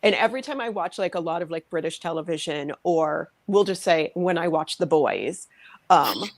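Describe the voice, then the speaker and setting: A woman's voice: sits low, expressive, normal speed, no echo. Wry American woman co-host. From United States. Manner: wry, joking asides. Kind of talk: casual podcast chat.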